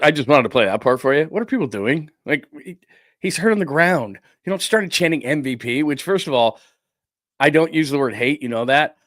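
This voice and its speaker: A man hosting a sports talk show from a studio, talking casually and ranting with animated indignation. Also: mid-range voice, dry recording.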